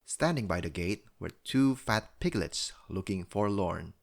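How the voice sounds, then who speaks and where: A man reading a children's bedtime story aloud, with expressive storybook narration. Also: low-pitched, measured pace, creaky.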